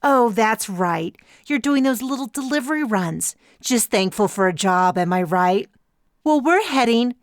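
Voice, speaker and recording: A woman's voice: a little high, lively intonation, unhurried, no room sound, clean studio sound, voice pushed up. A woman voicing a condescending young female starship captain who gloats with false sweetness. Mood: smug. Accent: slips into an accent when frustrated.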